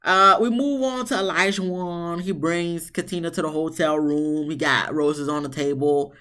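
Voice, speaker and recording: A reviewer recapping a reality show episode in a blunt, sassy, casual way, swearing freely and jumping into high, exasperated tones. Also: moderate pace, sharp tone. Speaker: TV show reviewer, channel host.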